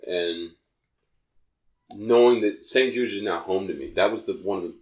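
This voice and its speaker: In an echoey room, a man with a voice on the low side speaks at normal speed while co-hosting a casual podcast. He rambles through a long personal story, often starting sentences over to correct himself.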